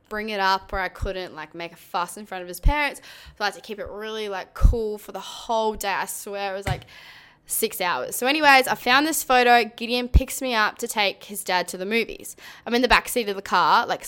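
A young woman telling a story in a casual, animated way, full of swearing and fillers like "like". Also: medium pitch, clear, resonant tone. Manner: profane, animated, uses many fillers.

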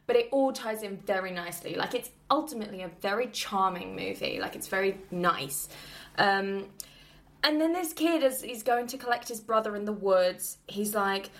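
A woman chatting casually about a film, animated and swearing freely as she acts out scenes. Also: mid-range voice, moderate pace. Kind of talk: casual film review chat.

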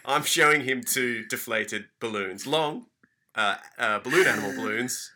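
A man co-hosting a casual podcast, telling a story in an animated, sweary, mock-furious rant. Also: medium pitch, unhurried. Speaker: podcast co-host.

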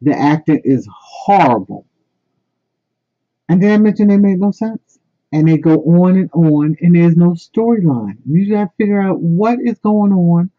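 A man's voice: high voice, lively intonation, unhurried. A man chatting as a book blogger in a casual book and movie review, emphatic and repeating phrases for stress. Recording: tinny phone-like sound.

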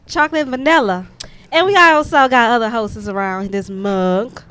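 Playful high-voiced woman host. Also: normal speed, a bit bright, clear, resonant tone. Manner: playful, laughing, teasing. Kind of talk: casual chat.

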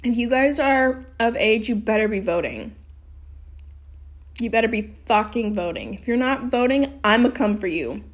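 A woman's voice: fairly high pitch, lively intonation, moderate pace. A young woman hosting a solo podcast, rambling and venting heatedly with lots of swearing. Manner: rambling, self-questioning. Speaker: podcast host. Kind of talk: casual solo podcast rant.

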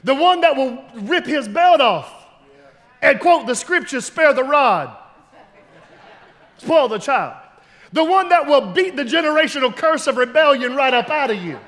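A male pastor preaching a sermon, telling stories and building to loud, emphatic shouts. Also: very high-pitched, animated, unhurried, in a large hall.

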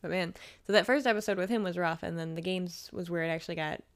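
A woman co-hosting a podcast, chatting in a relaxed, casual way. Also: fairly low pitch, fast talker. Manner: relaxed, laughs along with her co-host. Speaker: podcast co-host. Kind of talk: casual chat.

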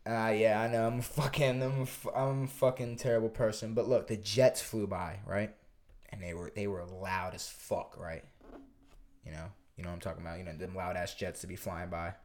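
A man co-hosting a podcast, telling a story in a profane, animated way with lots of stammers and restarts. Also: fairly low pitch, fairly quick. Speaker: podcast co-host. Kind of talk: casual storytelling chat.

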